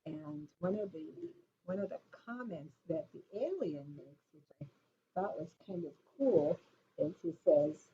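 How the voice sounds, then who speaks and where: A woman teaching a dot painting class who talks in a relaxed, rambling, reflective way with many fillers. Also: fairly low pitch, unhurried, slightly rough. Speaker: art instructor. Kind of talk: relaxed painting tutorial talk. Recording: dull lo-fi sound with faint noise.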